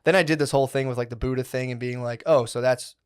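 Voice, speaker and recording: A man co-hosting a comedy podcast, telling a long rambling story in an animated way, full of swearing and filler words. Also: mid-range voice, fast talker, smooth. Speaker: podcast co-host.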